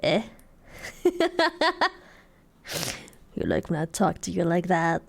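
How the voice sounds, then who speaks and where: A woman voicing a swaggering, flirty deep-voiced guy with a slow, teasing drawl and a gravelly edge. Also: a little mellow, full character voice.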